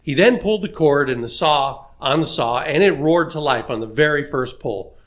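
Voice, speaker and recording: A man with a fairly high voice tells a story joke on a relaxed podcast. He acts out the characters' lines as he goes. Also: normal speed. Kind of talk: casual chat.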